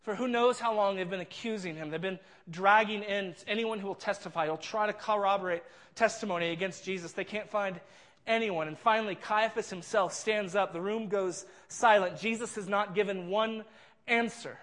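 A man's voice: sits high, moderate pace, fairly bright tone. A man preaching a sermon, retelling a scene with earnest, vivid storytelling and frequent repeats. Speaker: pastor.

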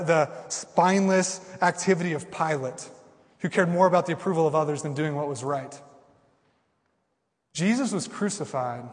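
A pastor delivers a sermon in a slightly high voice, swinging from loud, impassioned outbursts to hushed, sober asides. The sound carries a long reverb, as in a large sanctuary. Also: male voice.

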